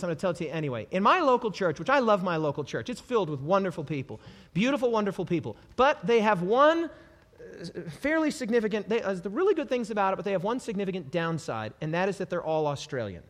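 A man preaching a sermon as a pastor, enthusiastic, breaking into shouted hallelujahs. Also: high-pitched. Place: church hall. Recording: long hall reverb.

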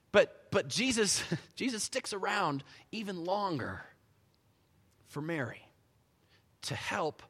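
A man preaching a sermon as pastor, telling the story with animated energy and dropping to soft, quiet stretches. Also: sits high. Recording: long hall reverb.

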